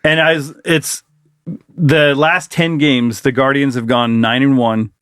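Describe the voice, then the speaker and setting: A man co-hosting a podcast in casual chat, telling animated stories, acting out what people said and swearing freely. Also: medium pitch, a little slow, clean tone, dry recording, studio quality. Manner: animated storyteller, acts out quotes, swears freely. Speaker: podcast co-host.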